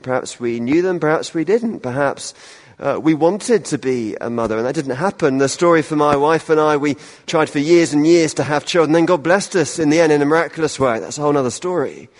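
A man's voice: medium pitch, big-room sound. Conversational male minister preaching. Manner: self-deprecating humor, conversational asides. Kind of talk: sermon. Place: church.

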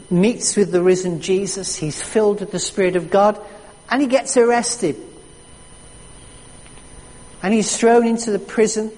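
A preacher delivering a sermon with slow, emphatic storytelling. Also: mid-range voice, a little mellow. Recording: echoey hall reverb.

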